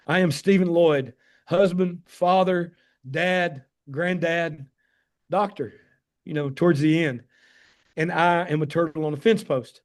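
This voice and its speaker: A man in his fifties with a Southern Tennessee drawl and a fairly high-set voice. He tells personal stories warmly and with emphasis, and he keeps calling his listeners "guys." His manner is folksy and heartfelt. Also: fairly even intonation, a little slow. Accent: Tennessee Southern American. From Tennessee, USA. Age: 50s. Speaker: addiction medicine doctor giving a talk. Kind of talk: personal storytelling presentation on a call.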